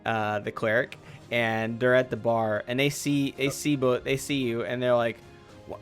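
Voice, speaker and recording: Game master of a tabletop game, rambling and giggly, mid pitch, faint music behind. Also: level tone, normal speed. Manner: rambling, filler-heavy narration with laughs. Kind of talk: tabletop role-play session.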